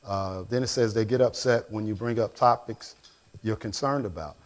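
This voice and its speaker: A man's voice: fairly low pitch, normal speed. A man with a Chicago accent, a pastor, answering questions in a reflective, conversational teaching manner. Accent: Chicago African American English. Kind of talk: church Q&A discussion.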